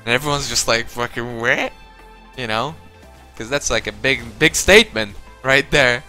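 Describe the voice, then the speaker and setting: Young man, bright tone, profane, rambling story time, faint music behind. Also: medium pitch, normal speed. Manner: profane, rambling, re-enacts others' lines. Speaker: vlogger.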